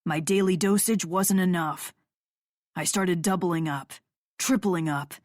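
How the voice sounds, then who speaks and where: Brief: woman narrator playing bitter male musician, lowered voice, audiobook character, dry studio. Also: a little slow, no room sound, lightly acted. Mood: confessional. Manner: low, flat, growling delivery. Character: bitter male rock musician, hurting and guarded.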